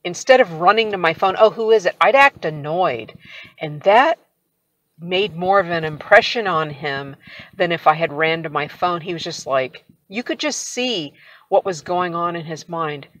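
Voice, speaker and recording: Candid low-voiced woman telling her story. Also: expressive, unhurried, a bit bright, dry recording. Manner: candid, wry, laughs often while recounting. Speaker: channel host telling her own story. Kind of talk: casual personal storytelling to camera.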